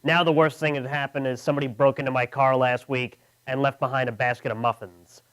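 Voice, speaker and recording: A young man from Long Island, doing a stand-up comedy set with a deadpan delivery. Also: medium pitch, fairly quick, background noise. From Long Island, New York. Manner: deadpan, mocking voices of others. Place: comedy club.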